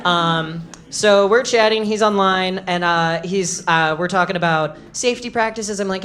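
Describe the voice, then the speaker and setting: A comedic storyteller telling a live story to an audience, animated and bursting into loud shouts at punchlines. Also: female voice, medium pitch, moderate pace, hardly any pauses. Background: audience laughter.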